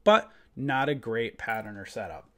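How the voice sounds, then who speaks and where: Worked-up guy walking through stock charts, blunt, bit of cussing, mid pitch, desk mic. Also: big pitch swings, moderate pace, bright, forceful tone. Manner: fired-up, ranting, emphatic; casual, blunt, swears mildly. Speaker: trading room host. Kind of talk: live trading lesson over screen share.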